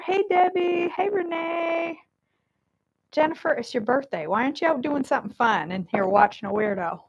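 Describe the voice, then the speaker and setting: A woman's voice: medium pitch, gravelly, dull audio, a little hiss or hum. A woman hosting a casual live cooking stream from her home kitchen, chatty and self-deprecating while she fiddles with her mic, over warbly, staticky audio.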